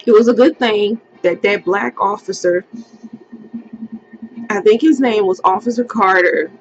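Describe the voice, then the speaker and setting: A young woman telling a vlog storytime with emotion, breaking into high, tearful voices when she quotes herself. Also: measured pace, dull audio, faint music behind. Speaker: vlogger.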